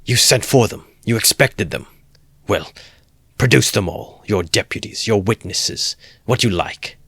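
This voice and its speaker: Man reading as a defiant young student, shouting, accusing, dry close sound. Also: fairly low pitch, measured pace, vocal fry, breathy edge, no echo, voice pushed up, full character voice. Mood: furious. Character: furious young male student, defiant and feverish.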